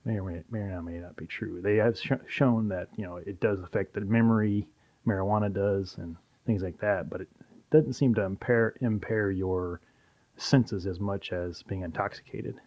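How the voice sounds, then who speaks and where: A man, a pharmacist, chatting as a podcast guest in a measured, explanatory way. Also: fairly low pitch, steady tone, a little mellow. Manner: explanatory, measured, some restarts. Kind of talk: casual podcast chat. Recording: dull lo-fi podcast audio.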